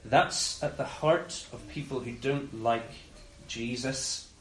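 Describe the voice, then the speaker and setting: A man preaching a conversational sermon, often voicing the master's words in quick asides. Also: medium pitch, a bit bright, a little hiss or hum. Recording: roomy echo with faint ambience.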